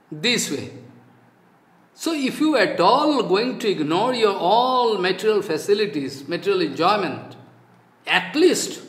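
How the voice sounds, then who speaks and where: A man's voice: sits high, fairly bright tone. Older man preaching in an echoey room. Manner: scolding, emphatic, quotes others in their voices. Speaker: spiritual teacher. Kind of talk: devotional talk with anecdotes.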